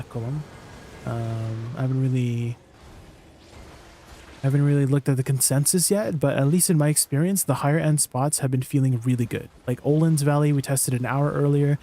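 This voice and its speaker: A Canadian man with a mid-range, dark-toned voice chats casually on a game live stream. He answers viewers' questions and laughs at himself.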